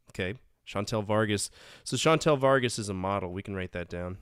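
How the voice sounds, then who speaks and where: Smooth-voiced man narrating a game. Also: on the low side, fairly quick, few pauses, a bit bright, no echo, clean studio sound. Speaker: let's-play streamer. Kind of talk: reading game text and commenting.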